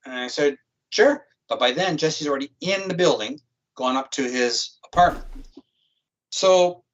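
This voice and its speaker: A man's voice: medium pitch, fairly bright tone. A man, a guest on a talk show, telling a story in a blunt, profane, casual way. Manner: blunt and profane, vivid retelling. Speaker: guest, psychic criminal profiler. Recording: dull lo-fi stream audio.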